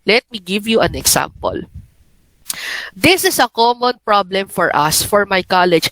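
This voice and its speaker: A woman's voice: mid-range voice, a bit bright, no room sound, rough recording. A young adult woman with a Filipino accent, a university professor lecturing and often checking in with "okay?". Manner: frequent checking "okay?" with students. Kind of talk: lecture mixing English and Filipino.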